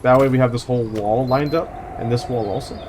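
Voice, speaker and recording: A man's voice: mid-range voice, steady tone, fairly quick, background noise. A young man hosting a let's play, rambling through casual jokey stories and swearing now and then between game moves. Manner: rambling, swears, joking anecdotes. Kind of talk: casual gameplay commentary.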